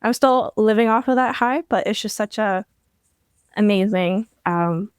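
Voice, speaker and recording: A young woman with a smooth, clear voice tells her story as a podcast guest. She talks eagerly, full of fillers and small restarts. The sound is dry and close. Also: mid-range voice, a little slow, dry recording. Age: young adult. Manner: enthusiastic, storytelling with many fillers. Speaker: podcast guest, incoming law student. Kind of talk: casual interview talk.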